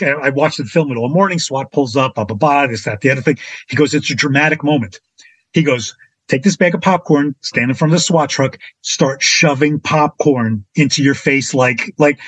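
A man as a podcast guest telling a casual anecdote in an animated way, acting out the other people's lines with big jumps in his voice. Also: slightly rough, dry recording. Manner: animated, acts out quotes with big pitch jumps.

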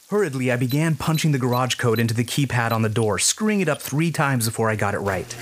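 A man's voice: mid-range voice, animated, brisk, hardly any pauses. A middle-aged man narrating a comic, self-mocking first-person story.

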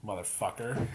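A man's voice: very high-pitched, echoey room, heavy background noise. A man co-hosting a casual chat, riffing jokes and swearing, recorded on a phone. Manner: joking, profane, riffing. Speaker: podcast co-host. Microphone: phone app.

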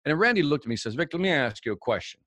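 Man, speaker, animated storyteller, acts out both sides of a conversation, dry close sound. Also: fairly high pitch, racing, dry recording. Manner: animated storyteller acting out dialogue. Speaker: guest, professional speaker. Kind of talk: storytelling interview chat.

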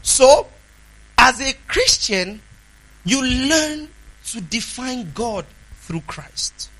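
A man preaching a sermon, emphatic, asking the congregation questions and swinging between loud declarations and hushed asides. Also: very high-pitched, expressive, extremely slow, husky, rough recording.

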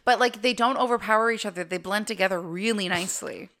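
A woman co-hosting a casual podcast chat, bubbly and quick to laugh. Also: medium pitch, a bit bright. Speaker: podcast co-host.

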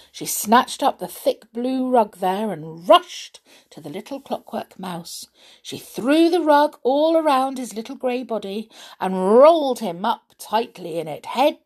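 Slow expressive woman reading a children's tale. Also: medium pitch. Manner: expressive, dramatic gasps. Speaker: storyteller. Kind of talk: reading a children's story aloud.

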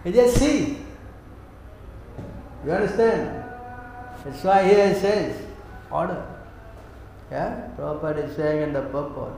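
A man's voice: a little high, unhurried, pauses often, warm tone, a little hiss or hum. Emphatic man lecturing in an echoey room. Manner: emphatic, keeps quizzing listeners. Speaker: spiritual teacher. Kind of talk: scripture class lecture.

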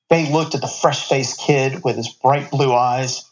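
Brief: male storyteller, mid-pitched voice, relaxed reading with casual asides. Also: a little slow, poor audio. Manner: casual asides between passages.

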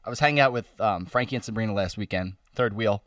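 A man in his twenties co-hosting a podcast, chatting casually with swearing and quick animated asides. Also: lowish voice, far from the mic. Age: 20s. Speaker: podcast co-host. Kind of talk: casual chat.

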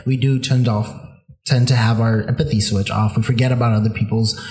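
A man's voice: medium pitch, fairly even intonation, a little fast, darkish tone. Man musing with easy restarts. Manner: reflective, gives advice in metaphors, many restarts. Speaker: podcast co-host. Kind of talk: casual chat.

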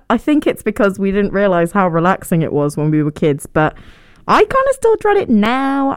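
A woman's voice: mid-range voice, clear, resonant tone, no echo, studio quality. A young woman, hosting a podcast and telling stories in a chatty, self-deprecating way with frequent laughs. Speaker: podcast host. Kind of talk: casual storytelling monologue.

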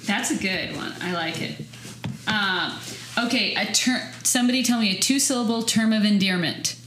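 A woman's voice: medium pitch, moderate pace, a bit bright. A woman hosting a podcast, leading a casual word game with an upbeat, giggly manner. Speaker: podcast host. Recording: roomy echo, faint noise.

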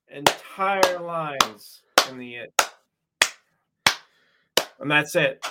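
A man's voice: fairly high pitch, drawn-out words, long pauses, pushed and bright. A man chatting casually while reacting to a movie, sarcastic and profane. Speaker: movie commentator.

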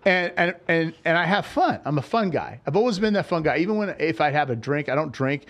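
A man's voice: fairly high pitch, animated, brisk, a bit bright. A man hosting a casual podcast chat, telling stories animatedly with frequent stumbling restarts.

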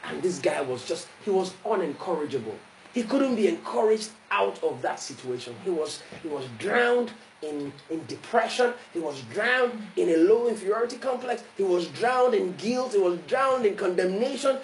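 Man, pastor, sermon, high voice, animated, echoey room. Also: moderate pace, slight background noise. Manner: animated preaching, acting out Bible figures, rising to shouts.

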